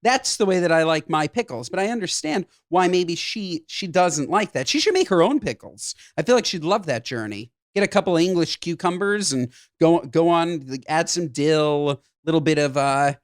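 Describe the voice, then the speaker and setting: A man co-hosting a podcast in casual chat, talking in an animated, jokey and emphatic way. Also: on the high side, normal speed, hardly any pauses, no echo, studio quality. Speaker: podcast co-host.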